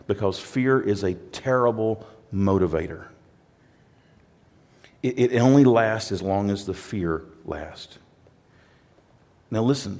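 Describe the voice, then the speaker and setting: A man's voice: mid-range voice, darkish tone. A male pastor preaching a sermon in a plain-spoken way, often repeating words and acting out quoted voices.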